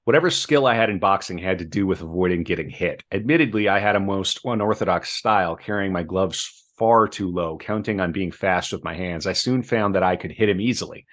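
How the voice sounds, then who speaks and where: Low-voiced man reading aloud. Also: fairly bright tone. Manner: measured reading, breaking into chatty asides. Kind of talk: reading book passages aloud on a podcast.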